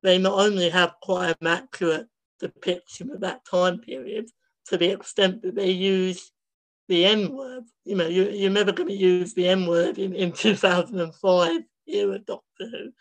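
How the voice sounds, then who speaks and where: A man's voice: sits high, normal speed, low-quality recording. A young man, a podcast guest, chatting casually with a rambling, hesitant flow. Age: young adult. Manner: rambling, lots of fillers and restarts.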